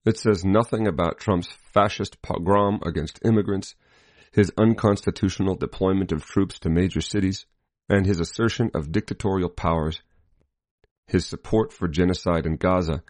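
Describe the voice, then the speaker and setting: A man reading a scripted political commentary in a measured, deliberate way, marking each quotation aloud. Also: deep voice, darkish tone, no echo. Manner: spells out quotation marks.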